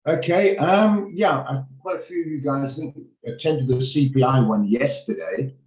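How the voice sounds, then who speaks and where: A man's voice: fairly high pitch, normal speed, a little mellow, reverberant, poor audio. A man hosting a live trading session over a video call, chatty and joking, with frequent fillers and restarts. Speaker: trading room host.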